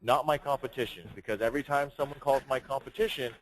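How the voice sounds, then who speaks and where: A man's voice: mid-range voice, fast. A man leading a sales training session, speaking emphatically, projecting his voice and firing rhetorical questions. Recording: noisy room recording.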